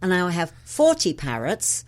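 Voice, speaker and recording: Woman guest, very low voice, earnest rambling storyteller. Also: wildly swooping pitch, moderate pace. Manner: storytelling, earnest and self-mocking. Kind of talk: casual chat. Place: around a table with others.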